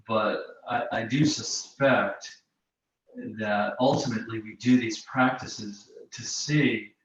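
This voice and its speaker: Soft-spoken yoga teacher in a roomy space. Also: male voice, fairly low pitch. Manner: slow, searching, hesitant with many restarts. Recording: roomy, distant, dull sound with faint noise.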